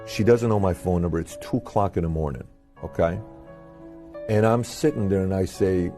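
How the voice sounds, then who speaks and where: A man's voice: low voice, moderate pace. A man telling a personal story with feeling. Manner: emotional, animated retelling. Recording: speech over music.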